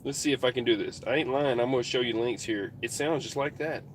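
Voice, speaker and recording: A man's voice: mid-range voice, quick pace, slight background noise. A man vlogging in casual rambling chat, interrupting himself and talking folksy from a vehicle.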